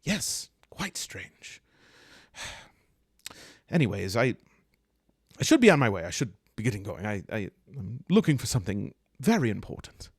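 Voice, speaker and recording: A man's voice: fairly low pitch, very animated, husky, no echo, clean studio sound, heavily acted. A man voicing a prim, touchy young woman elf who lectures and guards her privacy. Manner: fussy, lecturing, quick to take offense.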